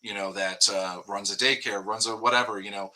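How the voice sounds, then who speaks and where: A man's voice: fairly low pitch, steady tone, brisk, pushed and bright, low-quality recording. A man speaking as a guest reporter in a casual interview, talking in a rambling way with many restarts and fillers.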